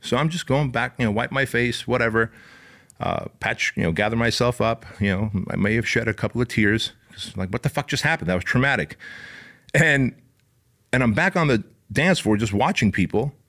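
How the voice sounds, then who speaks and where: A man's voice: medium pitch, normal speed, fairly bright tone. Rambling, cussing man telling a story. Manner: profane, rambling, heavy on fillers like "bro" and "like". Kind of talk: casual personal anecdote.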